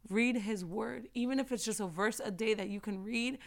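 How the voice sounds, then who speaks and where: Woman, young adult, somewhat high voice, gravelly fry, passionate, preachy, repeats lines for emphasis. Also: normal speed. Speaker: faith vlogger. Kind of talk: faith-based motivational talk.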